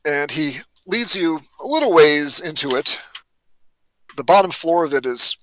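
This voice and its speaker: A man's voice: a little high, animated, a little slow, fairly bright tone, a little hiss or hum, rough recording. A man narrating as game master in a tabletop role-playing game, often hesitant and restarting his sentences. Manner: hesitant, many fillers and restarts.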